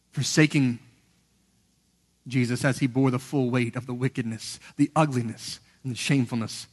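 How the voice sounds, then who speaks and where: A man preaching a sermon earnestly, rising to emphatic peaks and sinking to hushed lows. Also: breathy edge. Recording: long hall reverb.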